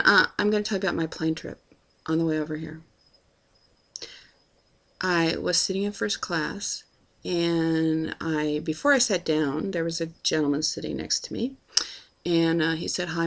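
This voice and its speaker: A woman's voice: fairly low pitch, normal speed, long pauses, fairly bright tone. A woman casually telling a personal travel story, chatty and full of fillers as she acts out bits of dialogue.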